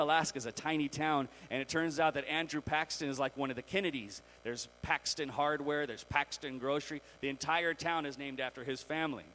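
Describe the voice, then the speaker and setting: A man preaching a sermon, telling a story in an animated way and acting out the characters before turning to scripture. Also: on the high side, slight background noise, low-quality recording. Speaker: pastor.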